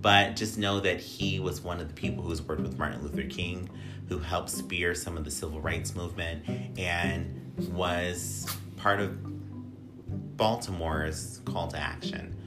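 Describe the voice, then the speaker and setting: A man's voice: sits low, fairly even intonation, measured pace, over music. A man hosting a casual podcast, chatty and playful, swearing freely. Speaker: podcast host.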